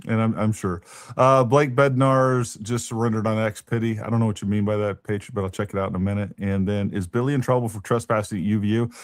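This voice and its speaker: A man's voice: lowish voice, fairly even intonation, quick pace, no room sound. Blunt male stream guest, dry sound. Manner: frustrated, blunt, reads viewer comments aloud. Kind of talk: casual live-stream chat.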